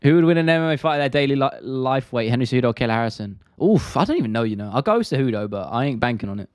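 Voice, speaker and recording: Brief: casual young British live streamer, slangy, dry close mic. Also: male voice, medium pitch, lively intonation, racing, a little mellow, clean tone, dry recording. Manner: laid-back, rambling, slangy. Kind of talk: casual live stream chat reading viewer questions.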